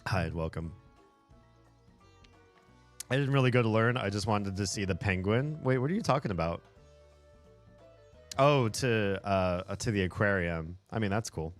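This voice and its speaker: Male streamer, deep low voice, loose and chatty, quick to laugh and curse; light music under him. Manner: animated, chatty, frequent laughter and swearing. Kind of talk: casual livestream chat.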